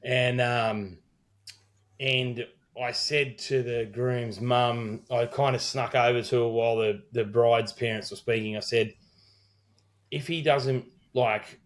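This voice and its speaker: A man's voice: medium pitch, fairly even intonation, slow pace. A middle-aged Australian man, a wedding celebrant, co-hosting a podcast and telling a rambling story full of quoted dialogue and swearing. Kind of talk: casual storytelling chat.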